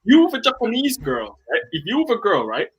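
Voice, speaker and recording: A man's voice: high-pitched, huge pitch swings, a little fast, slightly rough, highs cut off. A man hosting a casual chat, telling a club story in slangy, profane speech. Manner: storytelling, slangy, swears freely. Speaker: host.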